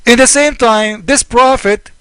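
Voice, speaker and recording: Man, high voice, mocking, argumentative, rhetorical questions, dry sound. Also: a little slow, fairly bright tone, clear, resonant tone, no room sound. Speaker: religious critic. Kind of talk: polemical monologue.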